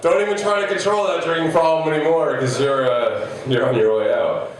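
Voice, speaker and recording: A man in his thirties doing a stand-up set, rambling and self-deprecating, with halting restarts. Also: on the high side, fairly even intonation. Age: 30s. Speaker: stand-up comedian. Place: comedy club stage. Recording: echoey live venue, mic heard from a distance.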